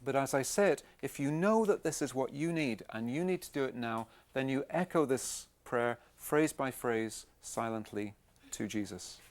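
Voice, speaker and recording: A man giving a Christian teaching talk at a camp, speaking plainly and conversationally, gently persuasive. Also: medium pitch, lively intonation, normal speed.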